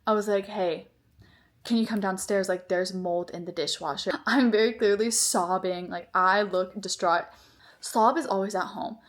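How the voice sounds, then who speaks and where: A woman's voice: mid-range voice, steady tone, normal speed. Young woman, vlogger, storytime, exasperated, rambling, lots of "like". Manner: rambling, heavy use of "like", exasperated. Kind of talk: storytime vlog.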